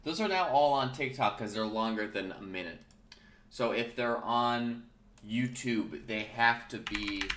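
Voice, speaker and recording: A man's voice: fairly low pitch, a bit bright, echoey room. Chatty man with a morning voice. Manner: chatty, rambling, self-correcting. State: early-morning voice. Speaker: podcast host. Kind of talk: casual solo talk show.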